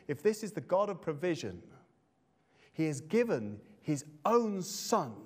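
A man's voice: on the high side, a little mellow. A man preaching a sermon, reflective and repeating phrases for emphasis.

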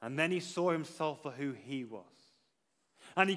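A man preaching a sermon in an earnest manner, rising to emphatic repetition and then dropping low. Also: animated, normal speed, long pauses, a bit bright, in a large hall.

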